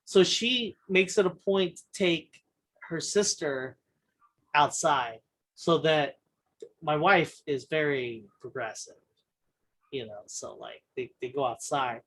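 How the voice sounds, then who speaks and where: A man's voice: fairly high pitch, slow, fairly bright tone, slightly rough. A man hosting a podcast, telling a long story in casual chat, rambling with many restarts and fillers, blunt and profane. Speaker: podcast host.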